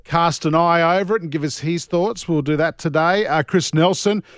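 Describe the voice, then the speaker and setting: A man's voice: on the high side, moderate pace, no echo, studio quality. A man with an Australian accent co-hosting a radio sports show, joking, teasing his co-host and plugging the text line. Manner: jokey, teasing, upbeat plugs. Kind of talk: casual radio banter.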